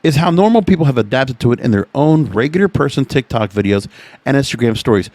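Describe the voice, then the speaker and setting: A man's voice: medium pitch, animated, quick pace, darkish tone, dry recording. A man hosting a podcast, reading from an article and reacting to it in an opinionated, chatty way. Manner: opinionated, chatty, reacting to what he reads aloud. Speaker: podcast host.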